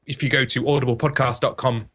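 Upbeat male co-host, bright crisp tone, breezy. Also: medium pitch, fairly even intonation, fast talker. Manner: enthusiastic, breezy. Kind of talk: casual podcast chat, reading an ad.

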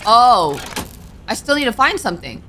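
A woman's voice: fairly high pitch, very animated, normal speed, noisy background. Jumpy young woman playing a game. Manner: jumpy, talks to herself, nervous exclamations. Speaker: gaming streamer. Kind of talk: live gameplay commentary. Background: game music.

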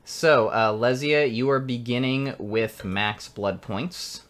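A man narrating as game master of a tabletop game, unhurried and often laughing. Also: medium pitch, a bit bright.

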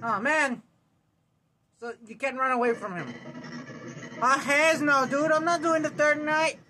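A man hosting a let's play, reacting to a horror game with excitable commentary, yelps, jokes and mock-dramatic outbursts. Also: very high-pitched, unhurried.

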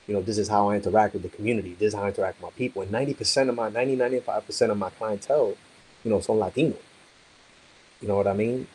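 A police officer talking casually in blunt, profane street slang, rambling with lots of "you know". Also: male voice, fairly low pitch, racing, darkish tone, husky, low-quality recording. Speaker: police officer, coaching client. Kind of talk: casual conversation on a call.

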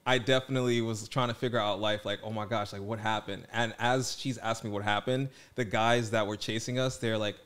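A young man co-hosting a casual podcast, an animated, playful storyteller who gets defensive when teased. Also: mid-range voice, a little fast, few pauses, clear, resonant tone. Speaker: podcast co-host. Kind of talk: casual chat.

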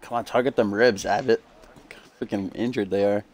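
A man's voice: lowish voice, steady tone, a little fast, a little mellow, a little hiss or hum. A man from the US commentating a video game, teasing his co-host and laughing often. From United States. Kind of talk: casual gaming commentary.

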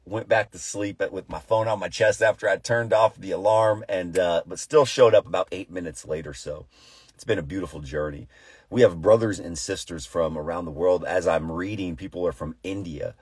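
A man pastoring a live morning devotional from inside a car, chatty and upbeat before turning to hushed, earnest prayer. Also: sits low, husky, no room sound, clean studio sound.

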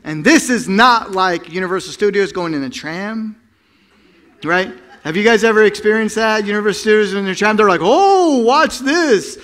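A man pastor preaching a sermon, telling the story with acted-out voices and sound effects, swinging between loud bursts and hushed tones. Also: high voice, a little fast.

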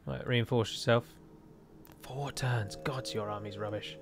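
A man's voice: medium pitch, steady tone, unhurried, over music. Chatty English man narrating a strategy game. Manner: chatty, wry, rambling asides. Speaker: gameplay commentator. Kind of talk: casual let's-play commentary.

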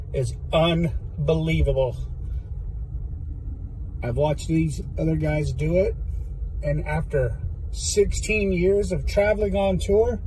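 High husky guy, caddie, gushing thanks to fans, slow and warm. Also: slight background noise, rough recording. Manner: effusive and emotional. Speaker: golf caddie. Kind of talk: casual video message to fans.

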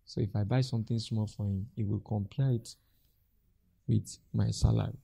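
A man's voice: on the low side, moderate pace, gravelly, husky, dry recording. A Nigerian man preaching a sermon as pastor, acting out church members' voices as he talks. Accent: Nigerian English. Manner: animated, acts out church members' voices with laughter.

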